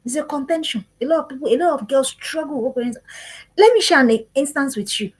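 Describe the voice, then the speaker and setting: A woman's voice: sits high, quick pace, slight background noise, low-quality recording. A woman giving an earnest parenting talk, repeating her questions in a preaching cadence. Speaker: parenting speaker. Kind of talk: live-streamed parenting talk.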